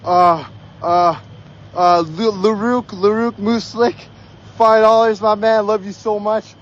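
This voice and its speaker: A hoarse young man livestreaming outdoors on a snowy street, excitedly yelling shout-outs to viewers. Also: sits high, slow pace, lo-fi sound. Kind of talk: live stream reading out viewer donations.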